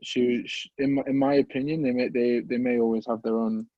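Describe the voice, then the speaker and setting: A man, earnestly telling his life story as a podcast guest in a halting, open and emotional way. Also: mid-range voice, steady tone, mellow, no room sound, highs cut off. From English Midlands. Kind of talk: personal life story in an interview.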